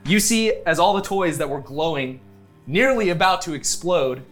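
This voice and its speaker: A lively game master narrates the fight with a laugh in his voice. His pitch swings widely as he talks, and soft instrumental music plays underneath. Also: moderate pace. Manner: animated, laughing, loose narration.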